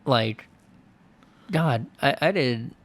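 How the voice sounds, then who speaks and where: A man's voice: mid-range voice, animated, drawn-out words. A man hosting a podcast in casual chat, wryly riffing on a movie with some swearing. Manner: swearing, wry film commentary. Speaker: podcast host.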